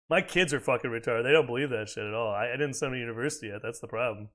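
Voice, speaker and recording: A fast-talking American man with a medium-pitched, sharp-toned voice barely pauses at all. He's streaming a video game, chatting casually and profanely and rambling between reactions to play.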